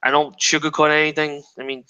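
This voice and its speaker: Rambling New man, bright voice. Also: fairly high pitch, level tone, brisk, smooth, highs cut off. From New York. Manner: rambling, swears freely, self-interrupting. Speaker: guest. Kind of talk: casual chat.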